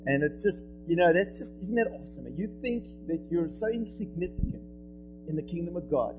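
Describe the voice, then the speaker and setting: A man's voice: a little high, animated, a little fast. A male pastor commenting in a preachy, sermon-like way, often repeating words as he builds. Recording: dull sound with music behind.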